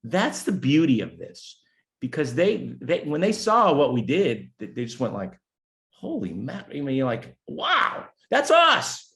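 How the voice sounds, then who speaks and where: A middle-aged American man, a business strategist talking as a guest in a casual interview, animated and jokey with many fillers. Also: mid-range voice, moderate pace, vocal fry. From United States.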